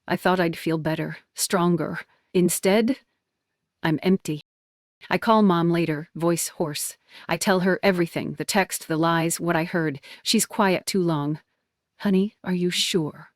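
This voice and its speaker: Lower-pitched young woman telling a story. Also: no room sound, studio quality. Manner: emotional, intense. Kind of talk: first-person story narration.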